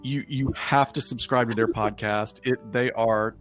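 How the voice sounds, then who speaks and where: A man co-hosting a podcast livestream in casual chat, talking with quick asides and frequent laughs. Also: mid-range voice, steady tone, soft background music. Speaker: podcast co-host.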